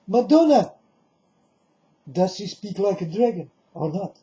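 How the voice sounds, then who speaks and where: A man's voice: high-pitched, very animated, a little slow, dark tone. A man preaching to the camera in a monologue, firing off repeated rhetorical questions at the viewer. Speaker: religious video preacher. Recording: dull lo-fi recording.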